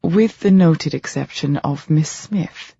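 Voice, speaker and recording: Quiet formal doctor, unhurried and husky, as a narrator puts him on; dull lo-fi audiobook recording. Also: mid-range voice, dry recording, exaggerated voice. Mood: patient. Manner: polite, measured, formal. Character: calm, soft-spoken courteous male doctor. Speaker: audiobook character.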